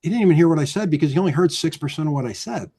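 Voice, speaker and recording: Man, guest loan officer, energetic storyteller, voices swing up for quotes. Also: rapid-fire, slightly rough. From New Jersey. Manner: animated, acts out quotes with swinging pitch.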